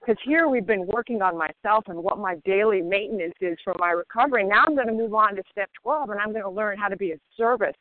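A woman's voice: medium pitch, quick pace, few pauses, no echo. Woman sharing over a tinny phone line. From Maryland. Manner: earnest, emphatic, steady. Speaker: member sharing at a phone meeting. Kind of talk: recovery meeting share.

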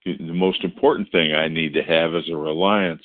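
Very deep-voiced man, halting share. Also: steady tone. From Oklahoma. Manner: hesitant, repeating words, many fillers. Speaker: meeting member sharing. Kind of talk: personal share at a recovery meeting. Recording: tinny phone-like call audio.

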